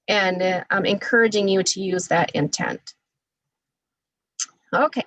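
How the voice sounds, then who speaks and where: A woman speech therapist teaching an online class, talking deliberately and encouragingly, her voice a little scratchy from talking. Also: medium pitch, no echo. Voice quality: says she naturally has a quiet voice. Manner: deliberate, encouraging, demonstrates loud vocal drills. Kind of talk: webinar instruction with voice exercises.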